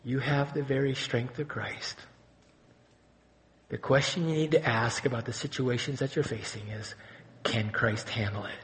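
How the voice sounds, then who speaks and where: A male pastor preaching a sermon, animated, swinging between loud exclamations and quiet intensity and asking the congregation rhetorical questions. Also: mid-range voice, normal speed.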